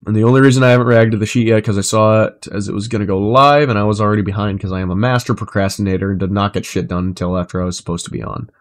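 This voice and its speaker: A young man chatting casually on a live stream, rambling and swearing, his delivery swinging between flat and animated. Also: on the low side, very fast, hardly any pauses.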